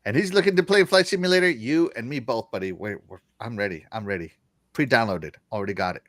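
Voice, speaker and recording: A man's voice: medium pitch, fast, fairly bright tone, no room sound, studio quality. A man with a Southern American accent hosting a casual livestream, reading chat comments aloud and laughing often. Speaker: show host reading chat.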